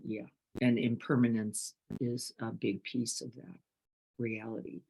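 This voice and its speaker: Gentle, questioning woman meditation teacher. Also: a bass voice, little pitch movement, measured pace, vocal fry. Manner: questioning and gentle, swings from hushed to emphatic. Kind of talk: reflective dharma talk, reading participant comments.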